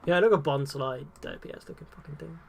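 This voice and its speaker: A young man, commentating on a live game stream, casual and excitable and swearing freely. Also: fairly high pitch, fairly quick, vocal fry, a little hiss or hum.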